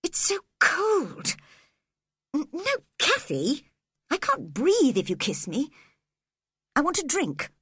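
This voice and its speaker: A woman's voice: sits high, huge pitch swings, slow pace, pauses often, fairly bright tone, no room sound, clean studio sound, pitched above the performer's own voice, full character voice. A woman voicing a sickly, peevish teenage boy who whines and pities himself in an audiobook. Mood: whiny. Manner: whining, complaining.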